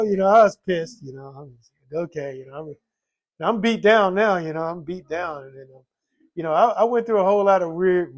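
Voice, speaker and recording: Gravelly man telling his recovery story. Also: on the high side. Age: older. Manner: rambling, many "you know" fillers, acts out quoted voices. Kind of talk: personal recovery testimony.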